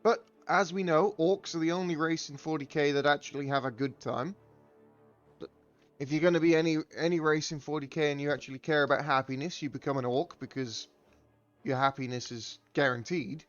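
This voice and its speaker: A man casts a live strategy-game tournament, mixing loose jokes into his play-by-play. His voice sits a little high, and the audio is dull, with game music running faintly underneath. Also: brisk. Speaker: tournament caster.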